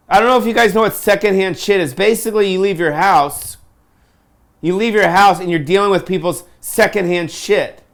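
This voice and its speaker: A comedian man rants to camera in a gravelly voice that sits a touch high. He swears freely, pities himself and talks in loose surfer-dude slang. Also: moderate pace. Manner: profane, self-pitying, ranting.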